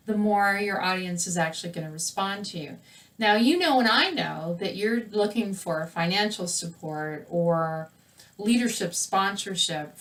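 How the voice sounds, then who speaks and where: A woman teaching public speaking in a recorded lesson, with a lively, conversational delivery where her voice rises and falls. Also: medium pitch, distant mic. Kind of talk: presenting a recorded lesson to camera.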